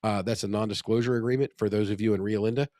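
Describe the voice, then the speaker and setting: A man's voice: fairly low pitch, fairly even intonation, quick pace, mellow, no room sound, clean studio sound. A middle-aged man co-hosting a podcast in casual chat, rambling with many fillers and restarts. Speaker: podcast co-host.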